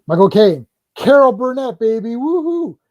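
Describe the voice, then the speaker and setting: A man's voice: very high voice, moderate pace, no echo, muffled recording. A man hosting a livestream, chatting casually about movies, rambling with lots of fillers and acting out scenes in a raised voice. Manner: rambling, animated, acts out movie lines in a raised voice. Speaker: stream host.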